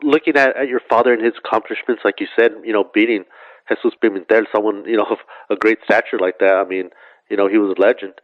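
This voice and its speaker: A man interviewing a guest, asking his questions haltingly and padding them with filler phrases. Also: fairly low pitch, steady tone, no echo. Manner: halting, padded with "you know". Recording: dull lo-fi dry recording.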